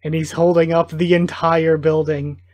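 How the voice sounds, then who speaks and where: A man's voice: fairly high pitch, little pitch movement, moderate pace, a little mellow. Enthusiastic man gushing over a manga. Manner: enthusiastic, gushing fan commentary. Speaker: reaction video host. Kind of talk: live manga reading reaction.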